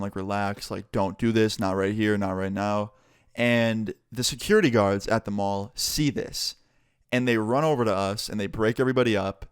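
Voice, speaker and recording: A young man telling a storytime vlog in a casual, animated way, swearing freely, recorded on a close mic. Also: medium pitch, smooth, dry recording. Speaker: vlogger.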